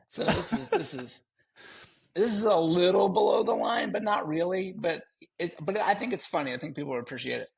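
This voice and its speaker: A man co-hosting a podcast, telling a story in animated casual chat and laughing often. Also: high voice, brisk, vocal fry, breathy edge. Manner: animated, laughing, slips into joking voices. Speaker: podcast co-host.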